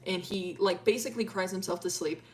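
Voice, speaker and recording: A woman's voice: lowish voice, brisk. A woman streamer casually telling a long story, rambling with lots of fillers, laughing often and swearing freely.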